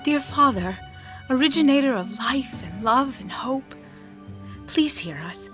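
An actress playing a devout young nurse in a radio drama, earnest and fervent. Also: female voice, sits high, lively intonation, measured pace, a bit bright, faint music behind.

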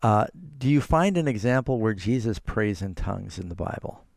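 A man with a low, gravelly voice hosts a call-in radio Bible show, answering listeners' questions earnestly and at length. His studio microphone sounds dry and close, with no room around it. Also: animated, normal speed, darkish tone, no echo. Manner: earnest, explains scripture at length. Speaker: radio pastor and host.

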